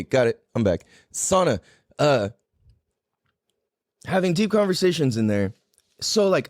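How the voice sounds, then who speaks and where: Animated, swearing young male podcast host. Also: no echo, clean studio sound. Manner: animated storytelling, heavy swearing, voice jumps high when quoting himself. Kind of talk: casual chat.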